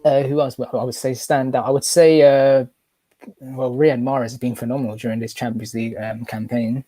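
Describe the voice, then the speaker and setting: A man calling in to a fan show, emotional and halting, with many restarts. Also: mid-range voice, little pitch movement, dark tone, no room sound. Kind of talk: casual live chat.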